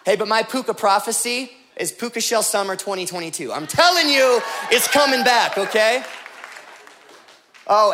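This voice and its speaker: A man's voice: very high voice, normal speed, a crowd in the background, noisy background. A man preaching as a pastor, telling jokey stories and slipping into put-on voices before making his point. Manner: joking, animated storytelling with put-on voices. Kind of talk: comedic sermon.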